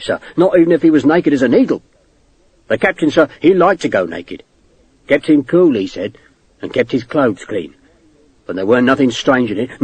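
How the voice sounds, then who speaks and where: A male narrator voicing a fawning, scheming army sergeant who talks in rough working-class grammar and keeps calling people sir. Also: medium pitch, no echo.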